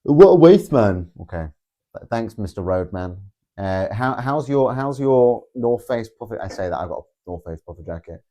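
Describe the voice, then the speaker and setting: A man's voice: fairly low pitch, moderate pace, warm tone. A man, hosting a live stream, reading viewer comments aloud in a rambling, sarcastic way and swearing often. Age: 20s. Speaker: livestream host.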